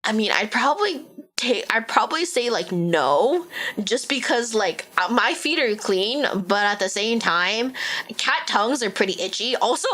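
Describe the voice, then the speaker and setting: Young woman streamer, valley girl accent, chatty, bright voice, lively swooping pitch. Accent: Valley Girl Californian. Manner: chatty, heavy use of "like", animated. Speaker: VTuber streamer. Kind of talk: casual live-stream chat.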